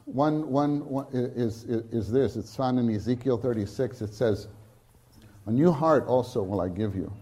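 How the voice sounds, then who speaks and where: A man preaching a sermon at a conference, unhurried and halting, with many restarts and sudden fervent rises. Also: medium pitch, warm tone.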